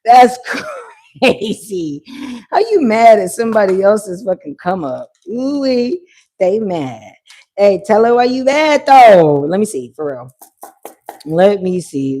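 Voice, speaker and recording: A woman hosting a live tarot reading, talking in an animated, slangy way with swearing and bursts of laughter. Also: fairly low pitch, a little slow. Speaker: tarot reader. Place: at home near a pool, kids heard.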